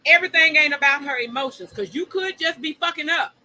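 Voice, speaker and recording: A woman co-hosting a casual talk show, speaking, animated and emphatic, and speeding up when she makes a point. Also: high-pitched, a little fast, rough recording. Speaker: podcast co-host. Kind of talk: casual chat.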